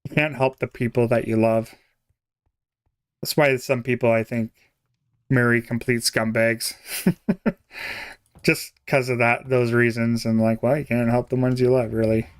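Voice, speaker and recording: A man's voice: medium pitch, fairly even intonation, measured pace, pauses often, smooth, dry recording. A young man chatting casually on a game live stream, rambling, chuckling often and trailing off mid-thought. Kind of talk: casual live-stream chat while playing.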